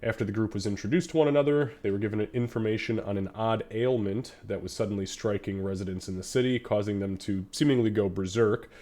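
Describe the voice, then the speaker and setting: A man's voice: lowish voice, fairly even intonation, fast talker, hardly any pauses, warm tone. Congested man running a game stream. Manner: loose, rambling, with fillers and swearing. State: nasal from a head cold. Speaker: game master. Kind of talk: casual live-stream chat.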